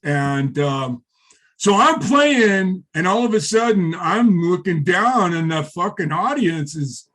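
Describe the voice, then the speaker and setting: High-voiced man telling rambling stories. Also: lively intonation, slow, fairly bright tone. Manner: rambling and profane, many fillers. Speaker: guest, former wrestler. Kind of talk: casual interview storytelling.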